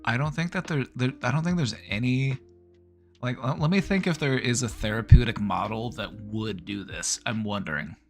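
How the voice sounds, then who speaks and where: A man's voice: mid-range voice, moderate pace, soft background music. A middle-aged man hosting a casual talk, rambling as he thinks aloud and often restarting his sentences. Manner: chatty, rambling, frequent restarts. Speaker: mental health video host. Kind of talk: casual commentary.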